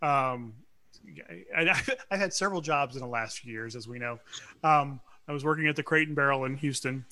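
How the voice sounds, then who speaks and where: A man from South Louisiana, a podcast co-host, telling animated, profane stories in casual chat with frequent restarts. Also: medium pitch, a little fast.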